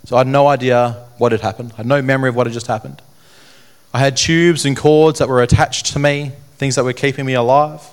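A young man telling his personal story to an audience, in an earnest, halting way that repeats phrases. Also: medium pitch, fairly even intonation, clear, resonant tone. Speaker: speaker telling his testimony. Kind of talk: personal testimony talk to an audience.

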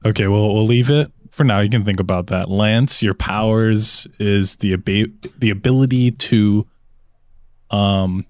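Low, slow, laid-back male podcast host. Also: a little mellow, no room sound. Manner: laid-back, leads the game, chuckles. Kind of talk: casual chat.

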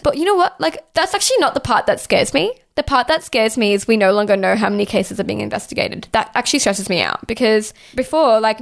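A young woman hosting a podcast, ranting casually with heavy swearing and constant "like". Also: fairly high pitch. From Australia. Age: young adult. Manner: exasperated, heavy swearing, lots of "like". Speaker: podcast host.

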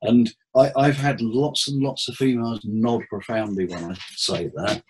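A man's voice: mid-range voice, moderate pace, background noise. A man who works as a therapist, chatting in an interview and acting out conversations with his clients as he tells them. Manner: animated storyteller acting out client dialogue. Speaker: therapist guest. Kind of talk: casual interview chat.

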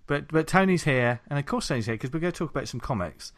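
A man's voice: a little high, animated, fast, dry recording, studio quality. A man hosting a podcast, jokey and teasing in casual chat. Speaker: podcast host.

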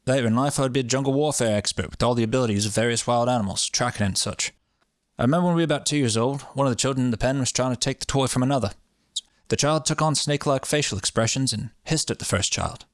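A man's voice: medium pitch, fast, no echo, clean studio sound, close to an everyday voice. A man reading out a British man's account of his childhood in a put-on British accent that comes and goes. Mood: earnest. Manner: earnest, unsure and wavering accent.

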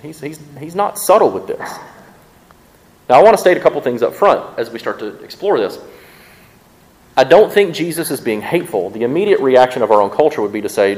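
A male pastor preaching a sermon in a church, speaking conversationally to his congregation and often repeating words quickly as he thinks aloud. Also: mid-range voice, big pitch swings, a little mellow, rough recording.

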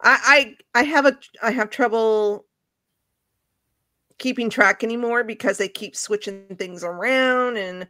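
Female co-host, bright tense tone, offhand chat, dry close mic. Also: a little high, measured pace, no echo. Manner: chatty, offhand, thinks out loud. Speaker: podcast co-host. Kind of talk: casual live chat.

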